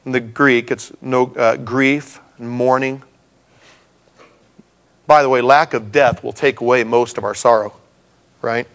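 A man's voice: mid-range voice, steady tone, unhurried, pauses often, a bit bright. A middle-aged man preaching a sermon in a conversational way, with humorous asides to the congregation. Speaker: pastor.

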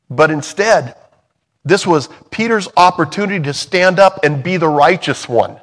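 Conversational preacher man, loud then hushed. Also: on the high side, lively intonation, normal speed. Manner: conversational, swings from loud emphatic bursts to soft hushed lines. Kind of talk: sermon.

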